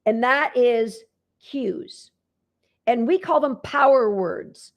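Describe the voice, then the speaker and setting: A woman's voice: sits high, animated, slow pace, creaky. A woman dog trainer giving an upbeat online lesson from home, talking to her dogs as she teaches.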